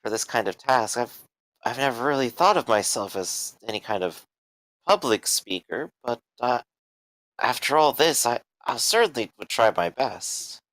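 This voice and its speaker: Brief: man doing a shy young village woman, halting, stammering, bright tone. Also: mid-range voice, expressive, no echo, lightly acted, low-quality recording. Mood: flustered.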